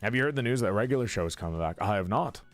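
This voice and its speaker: A man's voice: on the low side, lively intonation, racing, faint music behind. A male live streamer in casual chat who laughs, swears, greets his viewers and keeps repeating one line to practice an accent.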